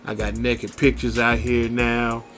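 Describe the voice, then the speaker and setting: A man's voice: medium pitch, completely flat delivery, measured pace, a bit bright, soft background music, voice pushed down. A man mimicking a panicked regretful young woman. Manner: fretful, self-pitying.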